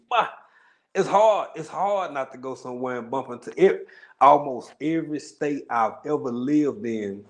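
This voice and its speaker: An East Texas man with a Southern drawl hosts a casual livestream, talking loosely and greeting viewers one by one. His voice sits at an ordinary middle pitch for a man, and he rambles through slang-filled asides in a relaxed, conversational way. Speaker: livestream host.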